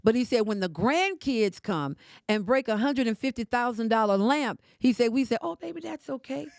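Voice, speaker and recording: A woman's voice: fairly high pitch, expressive, moderate pace, no room sound. Older woman, podcast guest, emphatic storyteller, dry studio sound. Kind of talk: emotional casual conversation.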